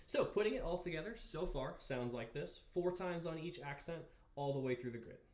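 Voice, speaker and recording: A young man teaching marimba, talking through exercises in a relaxed way and counting beats aloud. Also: fairly high pitch, fairly quick, soft background music. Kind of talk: instructional music lesson. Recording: roomy practice space with marimba. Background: marimba playing.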